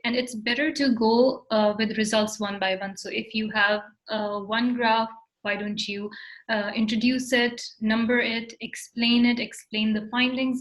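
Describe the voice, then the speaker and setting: A woman's voice: on the high side, a bit bright, low-quality recording. A woman teaching an online writing workshop over a video call, explaining step by step with some fillers. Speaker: workshop instructor.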